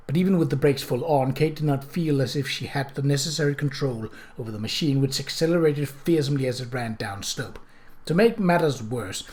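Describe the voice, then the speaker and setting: A man narrating a mystery novel chapter as an audiobook reader, voicing the characters himself. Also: a little high. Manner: steady storytelling, puts on voices for characters.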